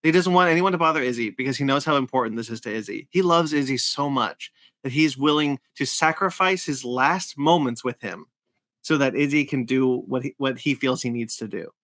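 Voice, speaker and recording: A man's voice: mid-range voice, fairly quick, no echo. A man co-hosting a podcast in casual chat, earnest, often restarting his sentences. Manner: earnest, stumbles and restarts when excited. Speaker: podcast co-host.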